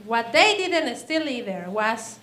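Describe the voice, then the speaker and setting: A woman hosting an open mic night, introducing acts and telling short jokes with a slow, deadpan delivery. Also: on the high side. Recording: echoey live room with loud noise.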